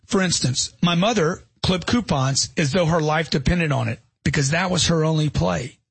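Husky, emphatic middle-aged man. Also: fairly high pitch, normal speed, dry recording. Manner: emphatic, punchy, rhetorical questions. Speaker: self-help author. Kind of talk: motivational narration.

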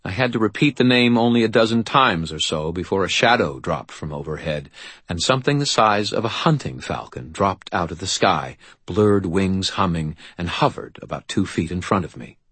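Deep-voiced male audiobook narrator. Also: normal speed, husky, dry recording. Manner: steady, dry storytelling. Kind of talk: first-person audiobook narration.

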